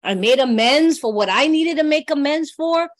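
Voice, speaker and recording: A woman's voice: high-pitched, lively intonation, moderate pace. A middle-aged woman from New York sharing a personal recovery story in a heartfelt, conversational way, often checking in with her listeners. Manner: heartfelt, conversational, often asks "you know what I mean". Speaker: workshop speaker.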